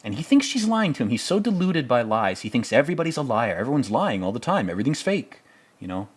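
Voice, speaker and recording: A man's voice: medium pitch, sing-song, fast, breathy edge. A man hosting a casual film commentary, rambling, profane and sarcastic as he picks apart a movie. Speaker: podcast host reviewing a film.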